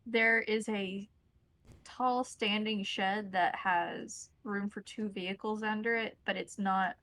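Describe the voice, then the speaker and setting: A woman narrating a tabletop role-playing game as game master, describing scenes in a relaxed, descriptive way. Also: mid-range voice, takes it slowly, dry recording, low-quality recording.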